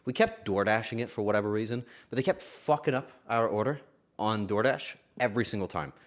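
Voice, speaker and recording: A young man streaming, chatting casually and emotionally, swearing often and swinging from loud bursts to hushed asides. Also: fairly low pitch, animated, brisk.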